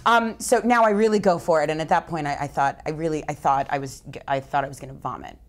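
An actress in a casual interview, telling a lively anecdote and acting out what others said. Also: female voice, sits low, quick pace. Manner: animated storyteller who acts out quotes with laughs. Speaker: actor interviewed as a guest. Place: festival press interview room.

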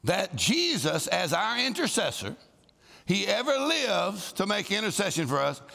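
A man preaching a lively sermon to a congregation, calling for responses and shouting scripture. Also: sits high, measured pace, creaky. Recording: live sermon in a large hall with long reverb.

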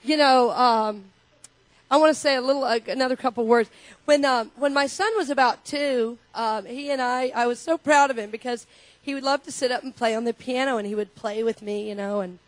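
A woman's voice: a little high, brisk, no room sound. A middle-aged woman minister preaching a sermon in a church. She talks in a personal, conversational way and leads the congregation in call-and-response. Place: church sanctuary.

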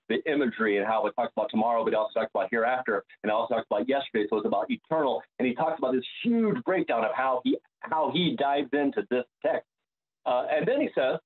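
A man, an opera bass, talking reflectively in an interview and often restarting his sentences. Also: breathy edge. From United States. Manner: searching, restarts sentences, many fillers. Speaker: opera bass singer, guest. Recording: tinny phone-like line.

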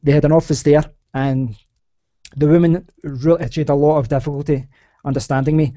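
Rambling Scottish man with a dark tone. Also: on the high side, fairly even intonation, a little fast, dry recording, muffled recording. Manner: rambling with many restarts and laughs. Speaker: podcast host. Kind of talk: casual chat.

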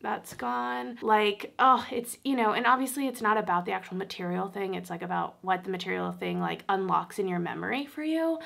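A woman's voice: mid-range voice, a little fast, vocal fry, hardly any pauses, fairly bright tone. A young woman vlogger venting at home in a casual chat, close to tears and full of "like" fillers. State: tearful. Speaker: beauty vlogger. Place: at home, indoors.

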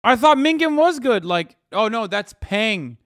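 A man running a live reaction stream in a loose, profane and incredulous way, laughing between remarks. His voice sits a little high for a man. The sound is close and dry, with no room around it. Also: big pitch swings, measured pace, fairly bright tone, dry recording. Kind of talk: casual live-stream commentary.

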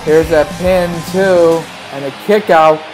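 A man calling wrestling play-by-play, excitable and breaking into shouts at big moves. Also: a little high, slow, music in the background, rough recording. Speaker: play-by-play commentator.

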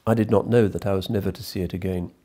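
A man's voice: deep voice, fairly even intonation, fast, warm tone. Man reading as grieving old Libyan chief. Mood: grave.

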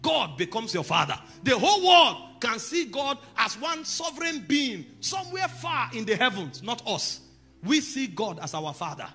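A man preaching a sermon, teaching calmly, then rising to loud, emphatic declarations over soft background music. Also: extremely high pitch, normal speed.

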